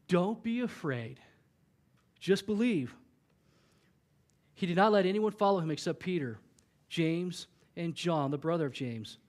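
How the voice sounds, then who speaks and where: A man's voice: sits high, animated, unhurried, long pauses, a little mellow. A man preaching a conversational sermon as a pastor in church, acting out the voices of Bible figures as he goes.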